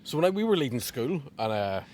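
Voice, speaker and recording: Quick comedian guy, lively pitch, jokes and swears outside, faint background noise. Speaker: comedian guest. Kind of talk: casual chat. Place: garden outdoors.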